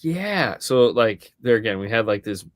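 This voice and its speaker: A man co-hosting a podcast in casual chat, telling a story in a lively way and acting out the voices of the people in it, swearing now and then. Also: mid-range voice, normal speed. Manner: animated storyteller acting out quoted dialogue. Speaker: podcast co-host.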